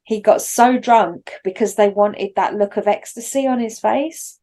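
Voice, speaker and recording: A woman co-hosting a film podcast, trading trivia in relaxed, casual conversation. She chats easily, swears now and then and laughs along, with a middling pitch for a woman. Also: a little slow. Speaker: podcast co-host.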